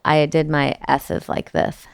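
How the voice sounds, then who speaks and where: Lady podcast cohost, kinda low voice, dry mic, teasing and offhand. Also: slow, vocal fry, smooth, no room sound. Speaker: podcast co-host. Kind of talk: casual chat.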